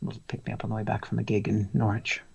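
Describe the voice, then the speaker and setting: A man's voice: on the low side, completely flat delivery, fast, gravelly, a little mellow, breathy edge, highs cut off. A man co-hosting a casual comedy news chat, making wry, rambling asides. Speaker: co-host of comedy news show.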